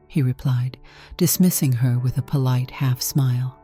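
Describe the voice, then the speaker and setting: A woman narrating a story in a calm, measured way from a script. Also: extremely low pitch, slightly rough. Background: faint music.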